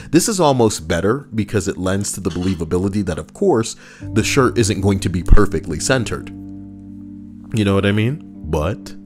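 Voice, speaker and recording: A man streaming casually, reading stories aloud and joking sarcastically with his chat. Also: low-pitched. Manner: animated, sarcastic, jokes with chat. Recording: soft background music.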